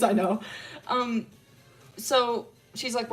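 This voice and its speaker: A woman's voice: mid-range voice, lively intonation, a little slow, soft background music. A woman streamer casually retelling a story, rambling and swearing, with lots of fillers and slang.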